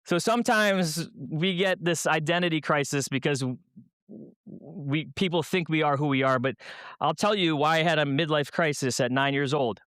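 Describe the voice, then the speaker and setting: A man's voice: fairly high pitch, normal speed, a bit bright, dry recording. Man, guest speaker, humorous church talk, rhetorical questions, dry close sound, resonant voice. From Minnesota, USA. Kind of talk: youth talk at a church event.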